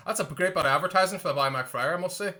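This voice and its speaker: A man's voice: high voice, rapid-fire, pushed and bright. A man hosting a casual chat, laughing and restarting as he reads a comic article aloud. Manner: chatty, laughing, many restarts. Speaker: podcast host. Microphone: desk microphone.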